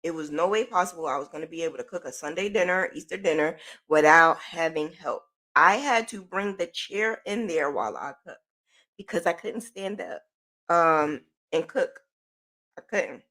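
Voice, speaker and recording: A woman's voice: deep voice, expressive, normal speed, sharp tone. A middle-aged woman hosting a podcast, telling a personal story in a casual, rambling way with lots of "like" and "um". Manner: chatty, lots of "like" and "um", repeats herself. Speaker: podcast host.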